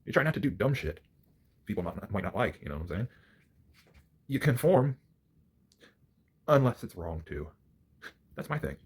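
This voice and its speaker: A man ranting to the camera in a profane solo monologue, angry, swinging from low mutters to near-shouts. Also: sing-song, moderate pace, pauses often, slightly rough.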